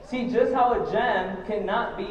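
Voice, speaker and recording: A man's voice: sits high, measured pace. A young man in his twenties giving a fervent, emotional motivational speech at a company event, pushing the crowd with questions. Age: 20s. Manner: emotional, near tears. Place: large event hall. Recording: echoey hall from far off, dull.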